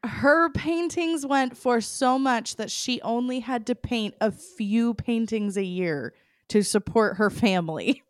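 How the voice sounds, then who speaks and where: A woman's voice: fairly high pitch, a little slow, clean tone, no room sound, clean studio sound. A young woman co-hosting a casual podcast, explaining an artist's story with frequent ums. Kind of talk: casual chat.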